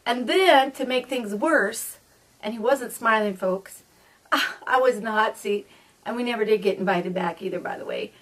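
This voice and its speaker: A woman's voice: a little high, normal speed. A middle-aged woman telling personal stories to viewers in a chatty, earnest way, often calling them folks. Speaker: vlogger. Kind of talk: personal storytelling monologue. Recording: voice a bit distant from the mic.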